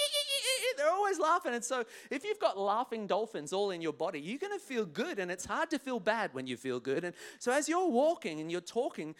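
A lively man speaks to a conference, swinging his fairly high voice up and down as he jokes and acts out little scenes. He speaks as a psychologist explaining emotional health, animated and playful. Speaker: guest speaker, clinical psychologist. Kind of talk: energetic conference talk.

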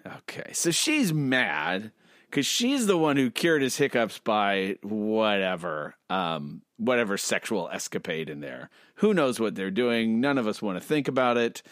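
A man's voice: on the low side, big pitch swings, unhurried, a bit bright, no room sound, studio quality. A man casually chatting on a podcast, describing comic strip panels and laughing often. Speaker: podcast co-host. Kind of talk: casual chat reading a comic strip aloud.

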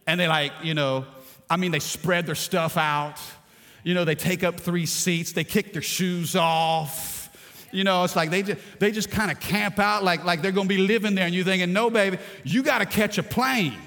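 A middle-aged preacher from Louisiana tells stories from the pulpit, dropping low and quiet, then rising to shouts. His voice sits a bit high for a man. Long reverb trails off in the big sanctuary. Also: fairly even intonation, moderate pace. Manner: storytelling, swings from hushed to shouting with laughter. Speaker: pastor. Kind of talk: sermon.

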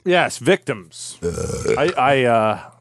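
A man's voice: medium pitch, lively intonation, slow pace, dry recording, clean studio sound. A man co-hosting a comedy podcast, throwing out playful wisecracks in casual banter. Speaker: podcast co-host. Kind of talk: joking banter.

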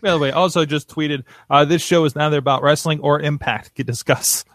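Male co-host, higher voice, teasing and jokey, dry booth mic. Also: fairly even intonation, fairly bright tone, no echo. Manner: playful, teasing, quick to laugh. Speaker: podcast co-host. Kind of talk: casual chat.

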